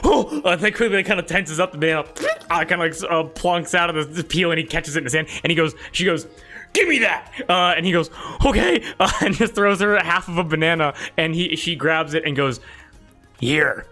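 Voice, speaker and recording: A man narrating a tabletop game as its game master, loose and rambling, with plenty of fillers. His voice is bright and a little high. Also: fairly even intonation, fast, faint music behind. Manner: casual, rambling, full of fillers.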